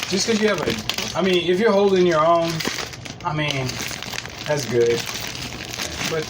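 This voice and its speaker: Speaking somewhat slowly and taking long pauses, a podcast host with a voice on the high side rambles through profane stories and laughs at them in a casual storytelling monologue. Loud hip hop music and background noise sit behind his voice.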